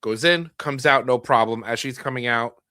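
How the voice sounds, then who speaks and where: A middle-aged male podcast host who tells stories in a wry, joking way. His voice sits at an ordinary pitch and is recorded dry and close, with no room sound. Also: moderate pace, sharp tone, no echo. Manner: wry anecdotal storytelling with dry humor. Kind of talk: casual storytelling chat.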